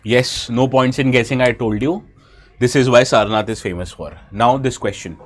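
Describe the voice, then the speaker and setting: Speaking at a medium pitch, this Indian English-accented man leads a live exam-prep lesson online. He reads viewer names from the chat, fires quiz questions at them, and fixes his own wording partway through sentences.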